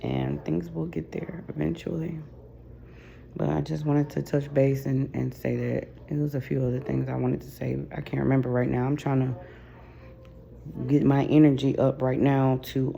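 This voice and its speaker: A tired woman talking to her camera in a casual personal vlog, low on energy, sighing often and speaking from the heart. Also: level tone, moderate pace, gravelly, dark tone. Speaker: vlogger. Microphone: camera mic.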